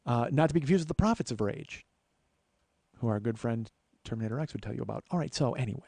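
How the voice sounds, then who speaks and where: A man's voice: mid-range voice, expressive, quick pace, creaky, warm tone, slightly rough, no room sound. A male comedian and podcast host telling a profane, sardonic story as a ranting monologue.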